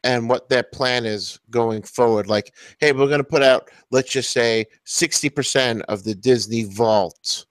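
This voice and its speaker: A man's voice: medium pitch, measured pace, few pauses, a bit bright, dry recording. A man co-hosting a casual podcast, giving short agreeing replies and dry quips. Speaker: podcast co-host. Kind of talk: casual round-table chat.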